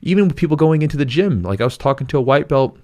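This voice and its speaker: A man's voice: on the high side, animated, fast talker, darkish tone. A man hosting a jiu-jitsu podcast, talking in an earnest, rambling way with frequent restarts. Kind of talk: casual podcast chat.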